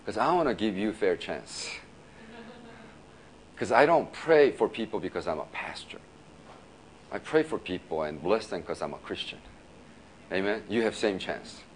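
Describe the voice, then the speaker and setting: A male pastor preaching in a casual, storytelling way, laughing often and filling his talk with "you know" and quick restarts. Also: on the low side, expressive, slight background noise. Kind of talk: sermon storytelling.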